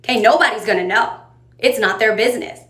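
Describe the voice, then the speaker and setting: A woman's voice: fairly high pitch, fast, fairly bright tone. A woman giving casual, direct advice to camera in a chatty way, coaxing the listener along. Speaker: advice creator. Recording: roomy echo.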